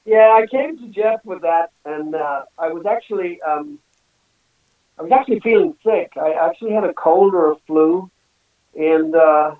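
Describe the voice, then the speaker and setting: A talkative man with a high voice, who tells his stories in a loose, easy way and laughs between them. He is heard remotely over a thin, phone-like line. The sound is distant and echoey. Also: normal speed. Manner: chatty storyteller, laughs often, many "you know"s. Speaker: singer and guest. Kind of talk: casual interview chat.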